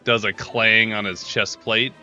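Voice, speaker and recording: Bright-voiced man narrating as game master. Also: on the low side, level tone, a little slow, lo-fi sound, faint music behind. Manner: loose and casual, full of fillers and hedges.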